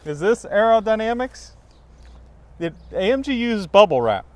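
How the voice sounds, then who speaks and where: A man in his thirties hosting a garage video, upbeat and quick to laugh as he rambles. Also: sits high, big pitch swings, darkish tone. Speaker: host. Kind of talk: casual chat.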